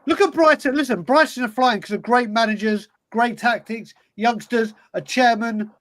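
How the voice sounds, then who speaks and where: Passionate football fan ranting. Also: male voice, very high voice, moderate pace, a bit bright, rough recording. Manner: passionate, emphatic, repetitive. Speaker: podcast host. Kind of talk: casual football chat.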